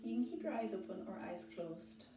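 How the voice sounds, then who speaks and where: A woman leading a yoga class, guiding the breathing in a gentle, calm and reassuring way. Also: medium pitch, a little fast. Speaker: yoga instructor. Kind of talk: guided yoga class instruction. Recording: roomy, distant mic, loud guitar music.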